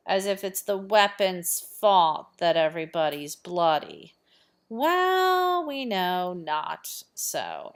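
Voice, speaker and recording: A woman's voice: mid-range voice, a bit bright. A woman teacher explaining a play in a chatty lesson, posing rhetorical questions to her students. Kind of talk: recorded literature lesson.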